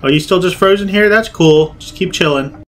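A man giving loud, jokey game commentary, swearing and yelping in fright as he plays. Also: high voice, moderate pace. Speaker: gaming video creator.

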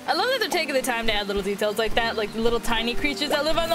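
A bubbly woman with a high voice chats her way through a video game, gasping and squealing whenever something cute turns up. Her commentary is casual and excitable. Game music plays clearly behind her. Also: racing, hardly any pauses. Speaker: gaming video host. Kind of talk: casual let's-play commentary.

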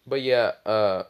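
Slow, halting young man retelling a story. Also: medium pitch. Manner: halting, many fillers and throat clearing. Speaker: fan storyteller. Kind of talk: improvised fan-fiction retelling.

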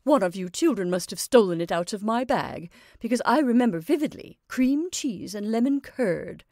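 A woman's voice: mid-range voice, expressive, normal speed, darkish tone, no room sound, studio quality, lightly acted. A woman reading a story aloud, voicing a fussy, scatterbrained middle-aged mother giving orders. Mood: bossy, flustered. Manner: scatterbrained, bossy, dreamy.

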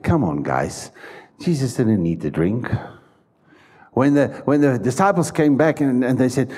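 A man's voice: medium pitch, lively intonation, a little slow, darkish tone. A man preaching a sermon in a church, stressing his points and putting questions to the congregation. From South Africa. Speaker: pastor.

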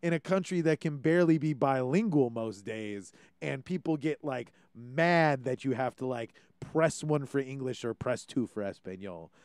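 A man's voice: medium pitch, lively intonation, normal speed, few pauses, darkish tone, clean tone, no echo. Young Hawaiian male host, clean voice with a dry close sound, loose and profane. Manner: rambling, ranting, swears freely. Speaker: podcast host. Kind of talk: casual monologue.

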